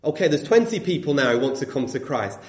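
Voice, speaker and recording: A man's voice: fairly high pitch, sing-song, fast. Man mimicking a showy TV preacher. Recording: echoey room.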